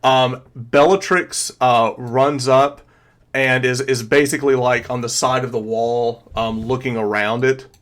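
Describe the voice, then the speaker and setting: A man's voice: medium pitch, steady tone, measured pace. Easygoing man running a tabletop game. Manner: rambling, filler-heavy descriptions. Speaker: game master.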